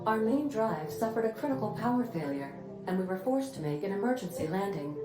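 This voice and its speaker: Casting: woman as a formal, dry-witted female ship AI for a game, precise diction, roomy mix, loud score behind. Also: mid-range voice, lightly acted. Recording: roomy game audio over music.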